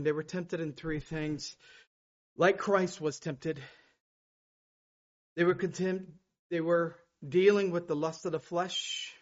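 Fervent high-voiced male preacher. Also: dull audio. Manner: fervent, repeats phrases, swings from loud to hushed. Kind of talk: sermon.

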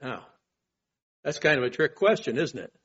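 A man's voice: mid-range voice, big pitch swings, moderate pace, a bit bright, breathy edge, dull audio. A male pastor preaching a sermon in an earnest way, asking rhetorical questions and swelling on his key points.

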